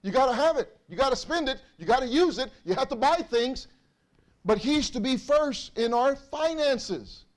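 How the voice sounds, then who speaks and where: Pastor, male, high voice; emphatic sermon delivery, repeats lines, rhetorical questions to the pews. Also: expressive, normal speed. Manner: emphatic, repeats phrases, asks the congregation questions. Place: church.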